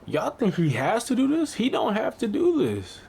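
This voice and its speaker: A man's voice: high voice, wildly swooping pitch, normal speed, vocal fry, a little mellow, a little hiss or hum. A man hosting a reaction video, talking casually and asking one disbelieving question after another. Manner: incredulous, asks questions over and over.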